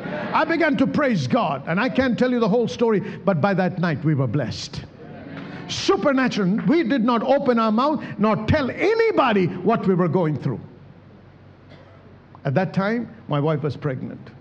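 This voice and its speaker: A man's voice: high voice, very animated, moderate pace, long reverb tail, muffled recording, a little hiss or hum. A male pastor preaching a sermon, calling out to the congregation for responses and acting out prayers as he speaks. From India. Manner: preaching with emphatic calls to the church.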